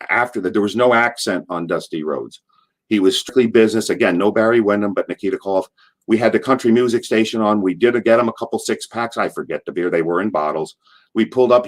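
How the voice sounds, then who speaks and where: An older man and former wrestler, a guest in an interview, spinning long anecdotes with lively restarts and repeated words. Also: lowish voice, a little fast. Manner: animated retelling with frequent restarts and repeated words. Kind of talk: anecdotal storytelling.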